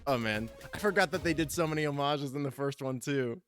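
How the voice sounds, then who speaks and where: A man's voice: mid-range voice, fairly quick. A man streaming a game and commenting casually in a jokey way, often laughing between remarks. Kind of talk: let's play commentary. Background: faint game music.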